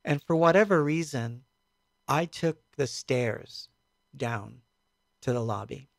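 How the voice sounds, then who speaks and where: A man telling a story in a casual stream, speaking in a halting, reflective way with many fillers. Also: medium pitch, lively intonation, gravelly, no echo, clean studio sound. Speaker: musician recounting a tour.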